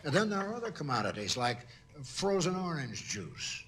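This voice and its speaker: An actor playing a stiff older commodities broker in a film clip, explaining slowly and condescendingly. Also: male voice, a little high, big pitch swings, a bit bright, a little hiss or hum. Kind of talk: film dialogue.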